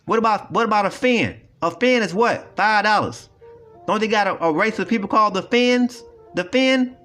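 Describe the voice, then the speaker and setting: A man's voice: sits high, normal speed, fairly bright tone, faint music behind. A man ranting in a video commentary, profane and repetitive as he lectures emphatically. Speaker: online commentator.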